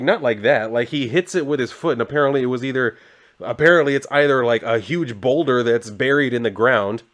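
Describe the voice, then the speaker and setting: A man casually recapping a comic book, chatty and sarcastic, swearing now and then. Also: medium pitch.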